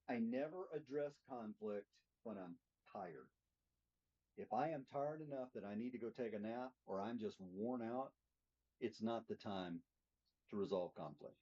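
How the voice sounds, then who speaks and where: A man's voice: medium pitch, mellow, husky. A middle-aged man teaching a church class in a plainspoken way, putting questions to the group. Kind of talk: interactive teaching talk. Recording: dull lo-fi recording.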